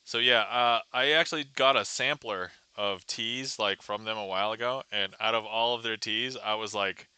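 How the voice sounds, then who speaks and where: A man's voice: fairly low pitch, fairly even intonation, normal speed, pushed and bright, clear, resonant tone, no echo. A man hosting a casual magic livestream, chatting with viewers and reading their messages aloud. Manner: chatty, greets viewers and reads chat aloud.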